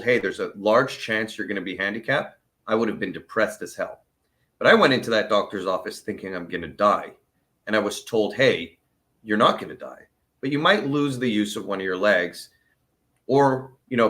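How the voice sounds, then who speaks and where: A man's voice: mid-range voice, a bit bright. A man telling his own story of illness in a candid, earnest way, openly emotional and plain-spoken. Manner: plain-spoken, with the odd curse. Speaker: vlogger sharing his chronic illness story.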